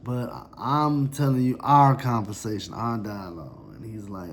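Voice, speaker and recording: A man telling a personal story in a somber, reflective, halting way. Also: lowish voice, animated.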